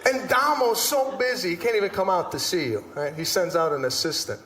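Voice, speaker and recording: A male stand-up comedian telling animated, exasperated stories, breaking into shouted punchlines. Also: high voice, a little fast, slight background noise. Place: large live comedy venue. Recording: live stage with hall echo and crowd.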